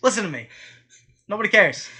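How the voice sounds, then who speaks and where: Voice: mid-range voice, very animated, fairly quick, bright, forceful tone. A young adult co-host of a sports podcast, chatting casually and ranting in an emphatic, opinionated way.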